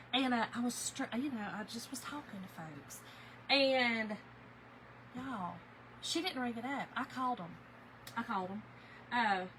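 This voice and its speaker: A woman with a high, bright voice chats animatedly with her livestream viewers, calling them y'all and girl as she crafts. She sounds close to the mic in a home craft room, with faint noise in the background. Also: poor audio. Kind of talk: casual chat while crafting, reading viewer comments.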